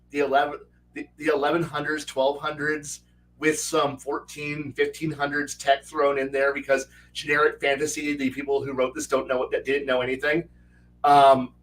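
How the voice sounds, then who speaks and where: A man hosting a casual chat about tabletop game design, animated and laughing, acting out quoted voices and swearing now and then. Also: fairly high pitch, recorded from a distance, slight background noise, rough recording. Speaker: host. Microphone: video call.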